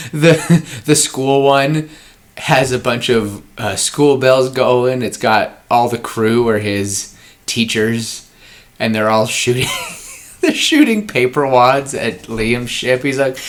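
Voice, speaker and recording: A man hosting a podcast, pitching story ideas in a rambling casual chat with frequent laughs. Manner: rambling, laughs often, acts out scenes.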